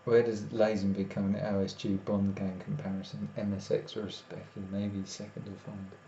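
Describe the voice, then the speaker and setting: A man's voice: lowish voice, flat delivery, moderate pace, dark tone. A tired man, rambling casually as he chats with viewers on a live stream. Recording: echoey room, dull lo-fi sound, faint noise.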